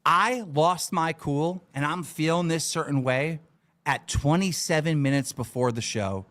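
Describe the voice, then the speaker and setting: A man on a live stream, ranting furiously, swearing and shouting. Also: fairly high pitch, unhurried. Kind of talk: angry rant on a live stream.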